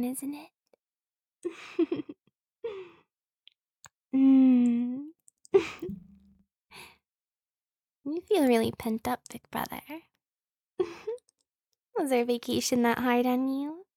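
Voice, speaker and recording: A playful, clingy younger sister, as a woman acts her out, in a whispered role-play. Her high voice drifts slowly between soft breathy whispers and light giggles. The sound is dry and intimate, right up against the microphone. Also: dry recording, exaggerated voice. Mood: teasing.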